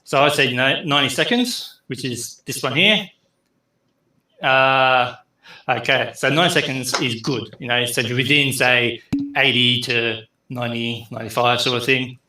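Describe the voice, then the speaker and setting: Teaching online, this middle-aged university lecturer talks in a chatty, filler-laden way, his pace speeding up and slowing down. His mid-range voice sounds pushed and bright, captured in a low-quality recording with an echoey room.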